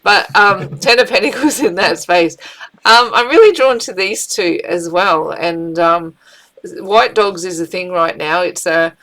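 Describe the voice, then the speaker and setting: A middle-aged woman giving a casual spiritual tarot reading, chatty and animated, with frequent fillers and restarts. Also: on the low side, a little slow, poor audio. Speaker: tarot reader.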